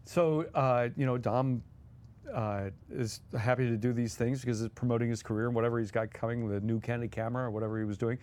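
A man's voice: mid-range voice, steady tone, fast, darkish tone. A man co-hosting as a guest, telling anecdotes animatedly and acting out quotes with laughs. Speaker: guest co-host.

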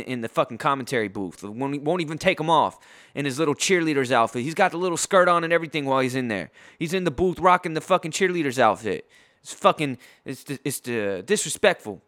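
Bright-voiced trash-talking man, podcast rant. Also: mid-range voice. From San Diego. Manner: loud, trash-talking, many restarts. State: tipsy. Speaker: podcast host. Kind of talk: profane sports rant.

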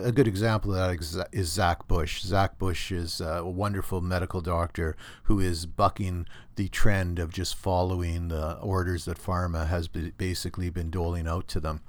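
Deep-voiced and free of echo, a Canadian podcast host records a casual solo monologue at home on a computer setup. He's opinionated and rambling, restarting his thoughts many times.

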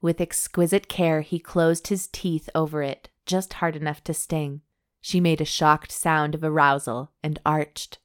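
A woman's voice: low voice, flat delivery, unhurried. A woman co-hosting a chat show, reading a romance novel aloud with wry asides and frequent laughter. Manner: wry, giggly, breaks into laughter. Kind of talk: dramatic reading mixed with casual chat.

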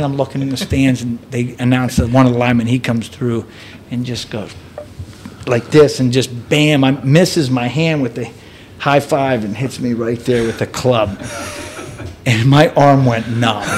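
A man's voice: medium pitch, a little mellow, a little hiss or hum. A man in his thirties telling a story in casual chat, chatty, often laughing and restarting his sentences. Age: 30s.

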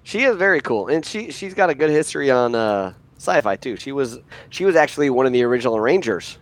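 Wry, animated male co-host. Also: mid-range voice, fairly quick. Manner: wry, opinionated. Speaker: podcast co-host. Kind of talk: casual chat. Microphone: online call.

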